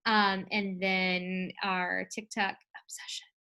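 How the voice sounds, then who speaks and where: A middle-aged woman co-hosting a relaxed podcast. Her voice is bright and of medium pitch. She talks freely, laughs often and slips into little voices when she quotes people. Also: slow pace, clean tone. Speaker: podcast co-host. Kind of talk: casual chat.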